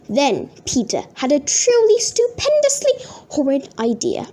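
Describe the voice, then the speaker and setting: Bright, expressive storybook reader; a woman with a high, lively voice. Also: a little slow. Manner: expressive, sing-song. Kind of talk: reading a children's book aloud.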